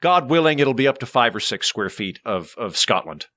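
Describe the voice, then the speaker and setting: Comedian guy on a podcast, bright voice, animated and jokey, middle pitch. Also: moderate pace. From Oklahoma, USA. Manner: animated, comic, self-deprecating. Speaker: guest, comedian. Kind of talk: casual podcast storytelling.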